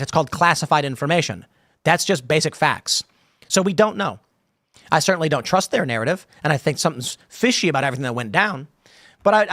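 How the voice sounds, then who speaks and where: This is casual live-stream commentary from a man whose voice sits on the high side and sounds a bit bright. Hosting a live show, he reads out chat comments and riffs on them in a rambling way, with lots of fillers and restarts. The sound is dry and clean, like a studio.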